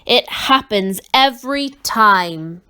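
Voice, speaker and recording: Woman doing a blustering king, loud, formal, proclaiming. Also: mid-range voice, expressive, slow, clean tone. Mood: grand.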